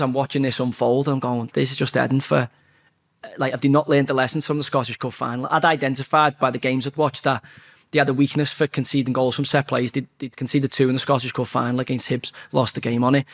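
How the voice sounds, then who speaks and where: A man's voice: medium pitch, fast talker. Man, forties, blunt sweary storyteller, mid-range voice. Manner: blunt, sweary, animated anecdote-telling. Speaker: footballer telling a story. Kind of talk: casual storytelling interview.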